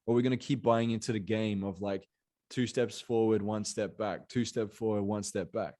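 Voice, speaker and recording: A man's voice: fairly low pitch, fairly even intonation, normal speed, mellow. A man from Australia, talking in a casual podcast conversation, rambling and leaning on fillers like "you know" and "bro".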